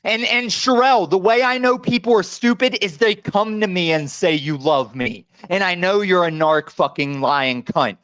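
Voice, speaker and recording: Furious high-voiced man yelling on a call. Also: moderate pace, hardly any pauses, clear, resonant tone, no echo. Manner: hostile, yelling and cursing. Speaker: caller on a livestream. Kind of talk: angry ranting on a video call. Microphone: video call.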